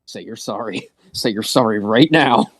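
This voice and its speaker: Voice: medium pitch, animated, takes it slowly, husky. A game master voicing a flustered, cowering robot guy. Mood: pleading. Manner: pleading, flustered. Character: panicky young male reploid, easily cowed.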